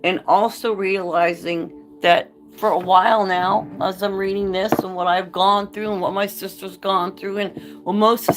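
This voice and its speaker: A woman speaks straight to her camera in a candid vlog, blunt and full of swearing. Her voice sits at an ordinary pitch and carries real heat. Faint music plays underneath. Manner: blunt, profane and impassioned, reads aloud then rants. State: choked up. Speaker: vlogger.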